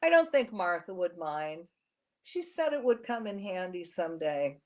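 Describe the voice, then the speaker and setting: A woman's voice: on the low side, very animated, normal speed. Woman reading as a kindly, folksy old shopkeeper. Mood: gentle. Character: kindly old male shop owner.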